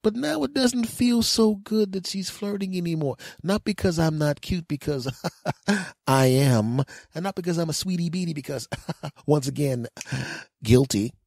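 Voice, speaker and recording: A man in his forties telling a comic story on his podcast, animated and jumping into other people's voices. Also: a little slow, creaky, no room sound, clean studio sound. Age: 40s. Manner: animated, mimics other people's voices with big pitch jumps. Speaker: podcast host. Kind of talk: comedic storytelling monologue.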